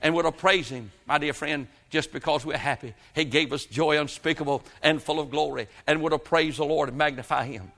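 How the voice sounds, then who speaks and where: A man preaching a sermon, his voice bright and pitched a little high. He tells homely stories and calls out amens as he goes. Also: fairly quick, gravelly, few pauses. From South Georgia, US. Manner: folksy storytelling with frequent amens. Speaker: pastor.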